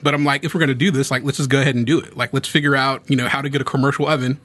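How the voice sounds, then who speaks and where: A man's voice: medium pitch, steady tone, rapid-fire, a bit bright. A man who co-owns a bakery, chatting as a podcast guest in a joking, wry way. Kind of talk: casual chat.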